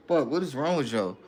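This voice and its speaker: A man's voice: on the high side, a little mellow. A man hosting a casual livestream, reading viewer comments aloud and answering in loose, slang-heavy banter. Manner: laid-back slang-heavy banter with frequent laughing. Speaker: livestream host.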